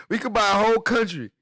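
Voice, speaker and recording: A man's voice: sits high, bright, forceful tone, slightly rough, no room sound. A man streaming live, reacting to news with loose, laughing slang banter aimed at his chat.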